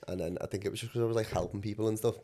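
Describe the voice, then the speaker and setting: A man's voice: lowish voice, steady tone, very fast, warm tone. A young man, a podcast guest who talks about his coaching in a rambling casual chat full of slang. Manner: rambling, laughs a lot, heavy slang.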